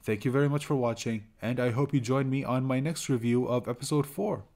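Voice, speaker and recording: Man, casual show review, halting, lots of ums and restarts, mid-pitched voice. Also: darkish tone. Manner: halting, many fillers and restarts; chuckles while recounting scenes.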